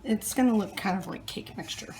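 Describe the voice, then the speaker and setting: A woman's voice: mid-range voice, fairly quick, very noisy. A woman chatting casually as she cooks in her home kitchen, tossing in self-mocking asides. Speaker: home cook. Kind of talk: casual cooking vlog.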